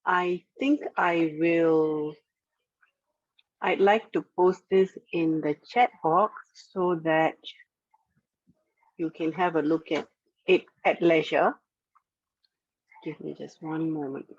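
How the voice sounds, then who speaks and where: A woman's voice: low-pitched, slow pace, long pauses, no room sound. A woman presenting the word of the day at an online club meeting, carefully explaining how a word is pronounced. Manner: clear, careful explaining of pronunciation. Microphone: video call. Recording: dry, phone-like online call audio.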